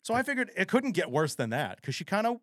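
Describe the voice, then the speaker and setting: A man co-hosting a podcast in casual chat, animated and rambling, with frequent swearing. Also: sits high, fast talker, no echo, clean studio sound. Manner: animated, profane, rambling storyteller. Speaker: podcast co-host.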